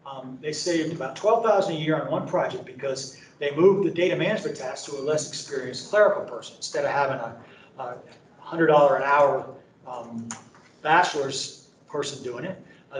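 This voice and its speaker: Brief: middle-aged male presenter, slightly high voice, relaxed filler-heavy pitch, heard from a distance. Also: slight background noise. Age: middle-aged or older. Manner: conversational, filler-heavy, anecdotal sales pitch. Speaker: presenter at a training event. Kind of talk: conference training talk. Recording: echoey room, speaker away from mic.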